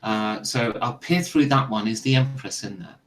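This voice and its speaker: A man's voice: medium pitch, moderate pace, low-quality recording. A man with a mid-range voice asks careful, practical questions during a tabletop game. Faint ambient noise sits behind him. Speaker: player. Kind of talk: casual tabletop game chat.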